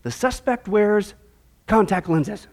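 A man voicing Al, a dim retired man who delivers nonsense in a deliberate, deadpan way. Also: high voice, heavily acted.

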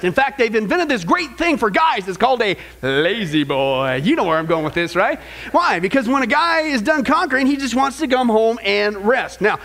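A man with a notably high, lively voice preaches a marriage sermon with plenty of humor. He keeps asking the congregation "okay?" and "right?" as he goes. His pitch swings widely between lines. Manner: energetic, jokey preacher who checks in with the crowd. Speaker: pastor.

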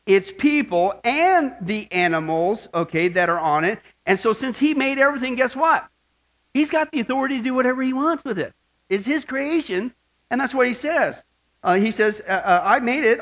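A man preaching a sermon as pastor, animated and joking, asking the crowd rhetorical questions. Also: high voice.

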